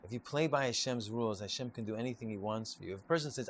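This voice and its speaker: A man's voice: mid-range voice, very fast. A man, a rabbi, giving an informal Torah class, telling stories and repeating and restarting his phrases. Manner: repetitive, restarts often, lively storytelling.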